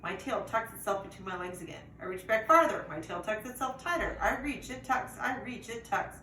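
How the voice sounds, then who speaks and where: A woman reading a chapter book aloud to children in a lively way, pausing to ask the listeners questions. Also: medium pitch. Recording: roomy echo, distant mic, faint noise.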